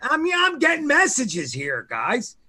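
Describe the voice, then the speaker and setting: A man with a very high, bright voice that swings widely, hosting a casual live chat. He talks loudly and playfully, with frequent cries of mock protest. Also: huge pitch swings, measured pace. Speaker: show host.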